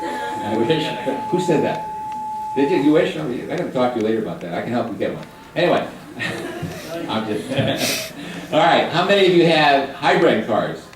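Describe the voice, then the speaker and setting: An older man giving a guest lecture to high school students, chatty and joking as he quizzes the room. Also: sing-song, moderate pace, background noise. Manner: chatty, jokey, quizzes the audience. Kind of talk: classroom lecture with questions to students. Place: high school hall or classroom. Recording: echoey room, mic at a distance.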